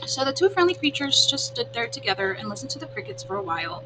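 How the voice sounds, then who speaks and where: Woman reading a story aloud, fairly high. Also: quick pace. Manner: clear, expressive storytelling. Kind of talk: children's story read-aloud. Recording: humming background noise.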